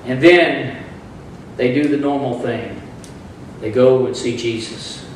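A man's voice: mid-range voice, slow pace, a little hiss or hum. A man preaching a sermon as pastor, calling on the congregation to answer back and rising into bursts of emphasis. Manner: preaching with rising bursts and audience call-and-response. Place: church sanctuary. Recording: echoey church hall from far off.

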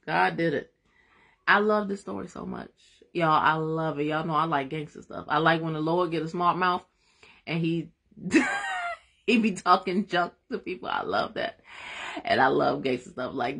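Hosting a Bible study over a live stream, this woman sounds folksy, eager and emphatic before easing into a quiet prayer. She sits low in her register with vocal fry and a slightly rough edge.

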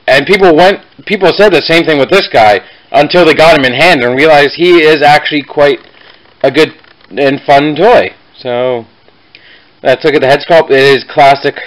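A man's voice: mid-range voice, a bit bright, low-quality recording. A young man casually reviewing a toy on his vlog, rambling and correcting himself mid-sentence with chatty asides.

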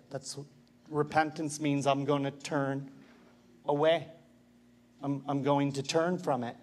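A man's voice: high-pitched, fairly bright tone. A male pastor giving an impassioned sermon, asking the congregation rhetorical questions. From Canada.

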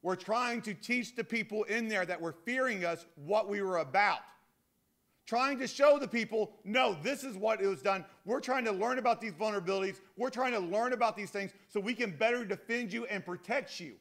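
A man giving a conference keynote talk in an animated, joking, self-deprecating manner. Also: high-pitched, normal speed. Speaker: keynote speaker.

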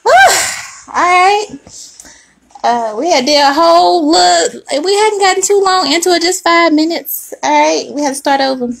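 A woman's voice: very high voice, moderate pace, creaky. A young woman reading tarot in a casual, slangy chat, laughing often as she talks to her viewers. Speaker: tarot reader.

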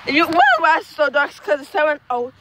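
A woman's voice: high-pitched, fast, background noise. A young woman telling a rambling, profane storytime vlog outdoors at dusk, tagging her phrases with "okay?". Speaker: student vlogger.

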